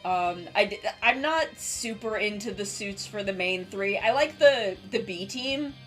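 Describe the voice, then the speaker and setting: A woman's voice: mid-range voice, a little slow, fairly bright tone, soft background music. An American woman guesting on a casual stream, rambling with restarts and easy giggles. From United States. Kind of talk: casual chat.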